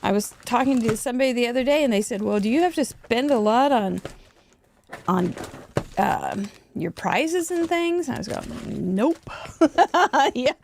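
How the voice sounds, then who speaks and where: A woman hosting a crafting show, chatting warmly about mail and cards with frequent little laughs. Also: on the high side, lively intonation, a little slow, creaky, slight background noise. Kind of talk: casual chat over a card slideshow. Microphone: desk microphone.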